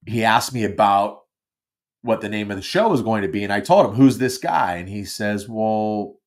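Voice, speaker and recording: A middle-aged man hosting a live call-in podcast, chatting casually in a rambling, self-deprecating way with lots of fillers and restarts. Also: on the low side. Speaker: podcast host taking call-ins. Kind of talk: casual live-stream chat.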